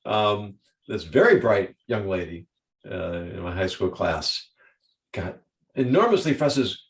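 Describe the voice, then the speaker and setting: A man with a lively, swooping delivery, co-hosting a podcast and chuckling as he speaks. He is heard from a distance from the mic, in a room with clear echo. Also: low-pitched, a little slow. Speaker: podcast co-host, rabbi. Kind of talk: casual conversation.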